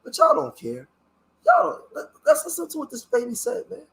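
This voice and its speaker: A man's voice: very high-pitched, huge pitch swings, brisk, creaky. A man from Philadelphia giving a passionate, preachy reaction commentary, swearing as he talks. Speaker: online commentator.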